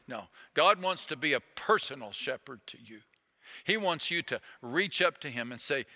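A man preaching a sermon as pastor, earnest and pleading, slowing down to repeat key phrases. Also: a little high, animated, sharp tone, long reverb tail.

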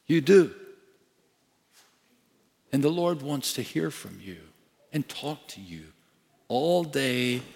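A male pastor preaching a sermon slowly and emphatically, dropping to a hush at times. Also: medium pitch, very animated, vocal fry. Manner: slow, emphatic preaching with dramatic dips to a hush. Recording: long reverb of a large hall.

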